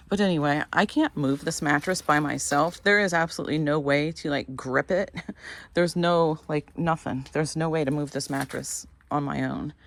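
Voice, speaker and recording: A middle-aged woman lifestyle vlogger with a low, steady voice and a moderate pace chats casually to her viewers while working at a storage unit. Her narration rambles, and she corrects herself as she goes.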